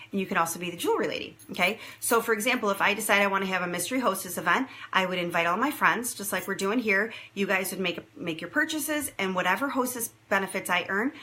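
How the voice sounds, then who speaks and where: A woman giving a chatty, enthusiastic sales pitch as a jewelry consultant, often checking in with listeners with "okay?". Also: pushed and bright, poor audio.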